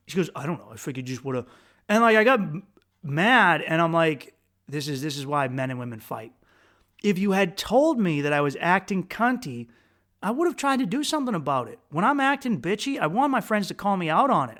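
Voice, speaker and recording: A man from the United States hosting a podcast, telling a travel story in a rambling, crude, self-mocking way with quick restarts. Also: a little high, fairly bright tone. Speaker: podcast host. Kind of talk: casual storytelling monologue.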